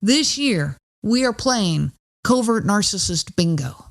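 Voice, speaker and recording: A woman's voice: expressive, slow pace. Wry woman hosting a solo podcast. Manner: conversational, wry, acts out quoted lines in lower voice. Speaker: podcast host.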